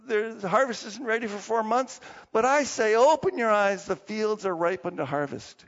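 A male pastor preaching a sermon with animated storytelling, closing in quiet prayer, in a dull recording with long hall reverb. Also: high voice, moderate pace, few pauses.

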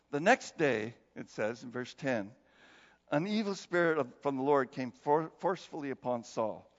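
Man preaching, high lively voice, chuckling, muffled church echo. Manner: animated, laughs often, acts out quotes. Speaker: pastor. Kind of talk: conversational sermon. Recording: dull sound with long hall reverb.

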